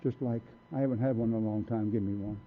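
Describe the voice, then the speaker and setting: A man's voice: fairly low pitch, steady tone, fast talker, breathy edge. An older man speaking at a recovery meeting, telling his own story in a blunt, folksy way. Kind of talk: personal recovery testimony. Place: meeting room. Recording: tinny lo-fi tape recording.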